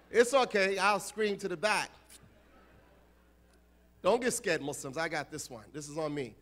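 An American man giving a lively, joking youth lecture as an imam, acting out voices for the crowd. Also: high-pitched, measured pace. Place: large conference hall.

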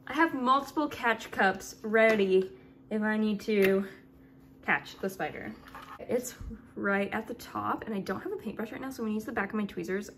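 A woman's voice: mid-range voice, moderate pace, a bit bright, a little hiss or hum. A young woman chatting casually in a vlog as she sets up a pet enclosure, apologetic and a little flustered. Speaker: reptile keeper vlogger.

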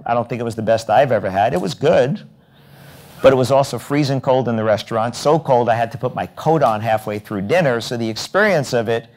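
A man's voice: medium pitch, gravelly, darkish tone. A middle-aged man giving a keynote talk on stage at a conference, telling stories, acting out dialogue and checking in with the audience. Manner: storytelling, acts out dialogue, asks the audience "right?". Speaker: keynote speaker. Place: hotel event room, on stage.

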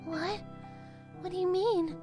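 A woman's voice: extremely high pitch, steady tone, slow, music in the background, pitched above the performer's own voice. A woman voicing a lost, confused young girl who asks anxious, hesitant questions. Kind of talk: voicing game dialogue.

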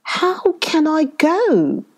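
A clever male monkey, as a woman puts him on in a storybook tale. He is sly and exclamatory, feigning innocence with lively, swooping pitch. Every phrase comes out unhurried. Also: full character voice. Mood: wary.

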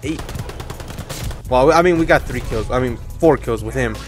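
A young man streaming a shooter game, commentating casually, cursing often and reacting loudly to kills and deaths. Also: mid-range voice, moderate pace. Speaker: gaming streamer. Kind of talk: live gameplay commentary. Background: game music and gunfire.

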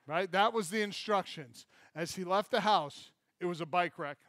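A man preaching a sermon as pastor, telling a funny story from childhood with lively acted-out quotes. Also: high voice, moderate pace, few pauses, no room sound. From Michigan. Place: church.

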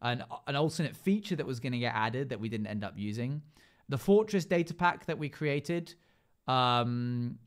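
A man hosting a casual live stream, talking while he plays and reeling off a long list of items. His voice is smooth and clear at an ordinary middle pitch, broken up by frequent fillers. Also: animated, normal speed. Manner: rattles off long lists with many fillers.

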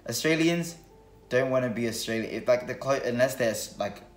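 A man chatting casually with family, rambling and animated with many fillers. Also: mid-range voice, a little fast, crowd noise. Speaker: family member in vlog. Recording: roomy room with faint music.

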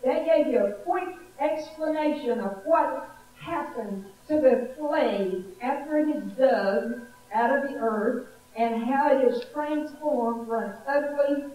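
A woman preaching a sermon, telling a story with emphatic, animated delivery. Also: high-pitched. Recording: echoey hall from far off.

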